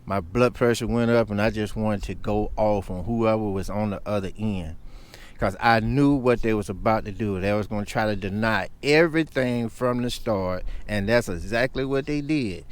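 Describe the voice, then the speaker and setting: A man's voice: lowish voice, moderate pace. A man vlogging, telling a story in a heated, emphatic rant.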